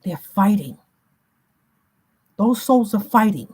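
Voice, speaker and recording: A woman's voice: medium pitch, lively intonation, slow pace, a little mellow, slightly rough. A woman giving an emphatic, repetitive spiritual reading in a slangy, casual way. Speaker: spiritual reader.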